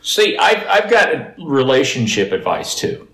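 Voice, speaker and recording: A man's voice: medium pitch, big pitch swings, measured pace, fairly bright tone. A man in casual podcast chat, jokey and prone to silly tangents. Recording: roomy echoey room.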